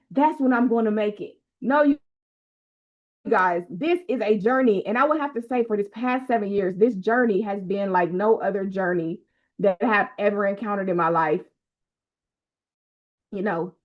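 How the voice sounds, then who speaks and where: A woman, a motivational coach hosting a live book launch, talking to viewers with emotional, repeated calls to action. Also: on the high side. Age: 30s. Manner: emotional, repetitive exhortations to the audience. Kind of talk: live-stream talk to viewers. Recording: lo-fi stream audio.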